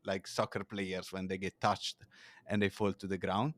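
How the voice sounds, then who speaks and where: A man as a podcast guest, telling stories in a casual, animated way. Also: sits low, moderate pace. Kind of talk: casual chat.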